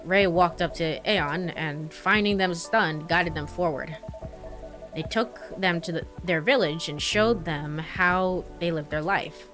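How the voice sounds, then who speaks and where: A young woman streams a game and reads its story aloud, giggling, tripping over names and adding chatty asides. Her voice is fairly low, slow and fairly bright, with faint game music behind her.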